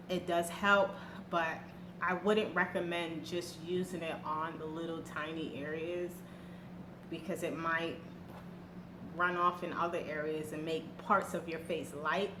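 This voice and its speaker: A woman's voice: on the low side, noisy background. A woman giving a casual, candid product review as a vlogger, talking with fillers and slang. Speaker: beauty vlogger. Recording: echoey room with faint ambience.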